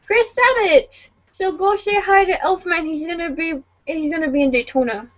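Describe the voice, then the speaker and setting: Casual podcast co-host, young woman, high voice, rambly and profane, muffled recording. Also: normal speed. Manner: chatty, stumbling over place names, laughing and swearing. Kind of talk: casual podcast chat reading convention listings. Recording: dull lo-fi podcast audio.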